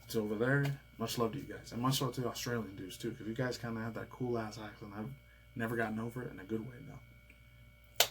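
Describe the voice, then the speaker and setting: A man's voice: fairly low pitch, fairly even intonation, fairly quick, background noise. A man in his thirties hosting a casual reaction video, rambling in a loose, slangy, chatty way. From United States. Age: 30s.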